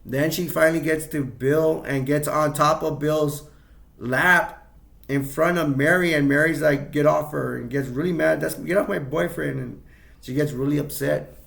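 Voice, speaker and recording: A man's voice: fairly high pitch, fairly even intonation, slow, gravelly, pauses often, fairly bright tone. A man casually recapping a horror film scene by scene, rambling with many restarts. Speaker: movie reviewer.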